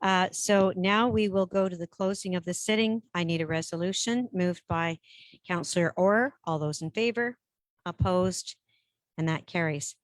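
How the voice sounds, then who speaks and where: Brief: low-voiced bilingual woman, brisk procedural meeting chair, dry close sound. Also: no room sound. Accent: Canadian French-English bilingual. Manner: brisk, procedural, switching between English and French. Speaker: warden chairing a council meeting.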